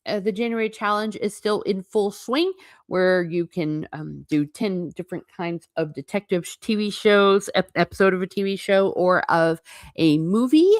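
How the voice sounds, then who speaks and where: A woman's voice: medium pitch, very animated, normal speed, no room sound, studio quality. A woman hosting a book channel, reading passages aloud and giving frank, opinionated commentary, often stumbling over words.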